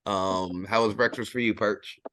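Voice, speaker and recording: A man hosting a casual podcast chat, joking and laughing easily, often trailing off quietly at the end of a thought. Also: fairly low pitch, steady tone, moderate pace. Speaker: podcast host.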